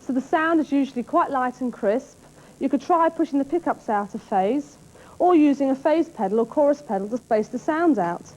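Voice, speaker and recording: A woman presenting a music lesson in a clear, scripted, explanatory way. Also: high voice, expressive, normal speed, a little mellow, low-quality recording.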